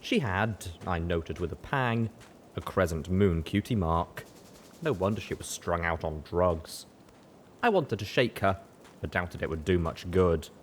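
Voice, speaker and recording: A man reading a fan fiction story aloud with expressive narration. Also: low-pitched, unhurried, slight background noise. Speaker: audiobook reader.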